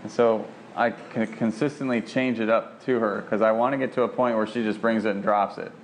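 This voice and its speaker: A man working as a dog trainer, coaching an owner at home with lively praise for the dog. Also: fairly low pitch, brisk, a little hiss or hum. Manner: lively, sing-song praise for a dog between plain explanations. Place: home kitchen.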